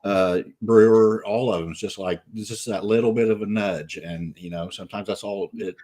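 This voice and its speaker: A man with a rural southern Illinois country accent talks in an easygoing, unhurried way during a casual chat. His voice sits somewhat low. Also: fairly even intonation, mellow. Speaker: co-host.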